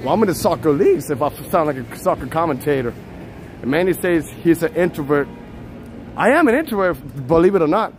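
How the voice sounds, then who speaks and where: A man's voice: a little high, animated, brisk. A man from Puerto Rico chatting playfully with viewers while walking city streets at night, filmed on a handheld phone. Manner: playful, teasing chat with viewers, bursts of loud shouted names. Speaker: livestream host. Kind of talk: live street vlog chat. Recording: faint street noise outdoors. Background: street and traffic noise.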